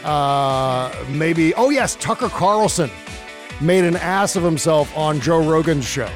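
A man's voice: a little high, lively intonation, slow, soft background music. A man hosting a podcast, reading out news stories in a casual conversational way. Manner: conversational, reads out news items with filler "uh"s. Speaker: podcast host.

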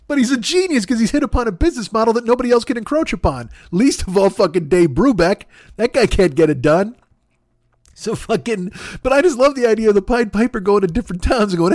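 A man's voice: sits high, sing-song, brisk, darkish tone, no echo, studio quality. A man on a comedy podcast, riffing in a rambling, profane monologue, laughing at his own jokes and acting out voices.

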